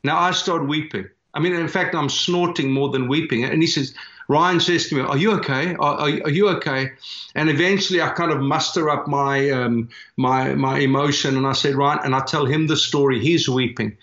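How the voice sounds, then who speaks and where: Guesting on a podcast, this church planter from South Africa, in his fifties, shares sincere, heartfelt stories and frequently starts over mid-thought. He speaks at a normal speed in a medium-pitched, slightly bright voice, captured in a dull, roomy remote recording.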